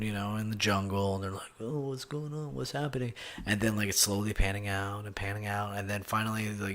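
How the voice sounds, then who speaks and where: A young man hosting a casual solo gaming podcast, rambling and excitable, swinging between low muttering and loud outbursts. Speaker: podcast host.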